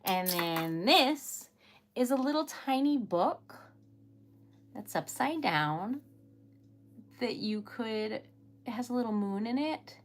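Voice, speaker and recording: A young woman with a higher, animated voice takes things slowly and pauses often, with a little hiss or hum in the audio. She hosts her own wax seal craft livestream, chatting casually and giggling a lot, a bubbly host who calls herself a really emotional lady.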